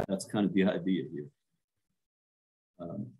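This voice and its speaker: Deep-voiced man preaching with emphatic repetition. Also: steady tone, measured pace, long pauses, darkish tone, rough recording. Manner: emphatic, repeats words for stress; addresses listeners with direct questions. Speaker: minister. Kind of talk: sermon.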